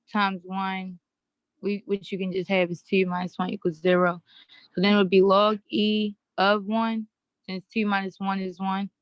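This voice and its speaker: A woman student explains a math solution step by step, in a flat and smooth voice. The audio is dry and dull. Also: medium pitch, dry recording. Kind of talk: answering in an online lesson.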